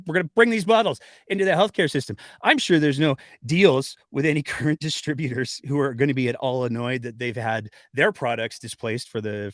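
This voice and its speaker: A man hosting a political commentary show, sarcastic and animated as he picks apart the news. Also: medium pitch, no echo, studio quality.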